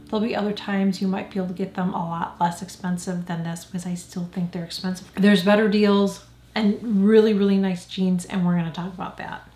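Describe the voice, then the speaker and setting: A woman's voice: mid-range voice, little pitch movement, a little fast, dark tone. An older woman vlogging frank, chatty product opinions in a casual beauty review. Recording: echoey room.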